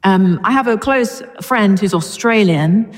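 A woman's voice: mid-range voice, measured pace. Woman preaching in an echoey hall. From Britain. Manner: chatty and informal, with humour. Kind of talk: sermon.

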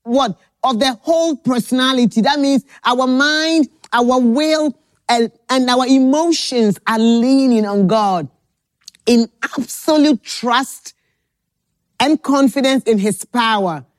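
A woman preaching a sermon at a podium, slow and deliberate, repeating key phrases for emphasis. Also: high voice, no room sound.

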